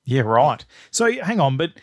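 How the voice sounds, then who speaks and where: A man's voice: medium pitch, sing-song, unhurried, dry recording. A man hosting a casual podcast, jokey and matey. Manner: jokey, matey, laughs easily. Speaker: podcast host.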